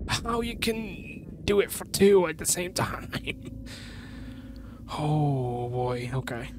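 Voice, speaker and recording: A man's voice: a little high, sing-song, takes it slowly, darkish tone, a little hiss or hum. Jumpy young man yelping through a horror game. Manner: jumpy, swears and yelps at scares. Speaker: gameplay streamer. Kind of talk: horror game let's play commentary.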